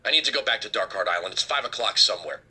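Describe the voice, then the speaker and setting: A man hosting a political talk show, delivering a heated, sarcastic commentary rant with a husky edge. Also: on the low side, animated, rapid-fire, sharp tone.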